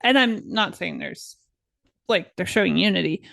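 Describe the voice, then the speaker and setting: A woman's voice: on the low side, expressive, normal speed, gravelly, fairly bright tone, no room sound. A young woman co-hosting a podcast, chatting casually and filling her talk with "like" and "right?". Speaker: podcast co-host; teacher. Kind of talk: casual chat.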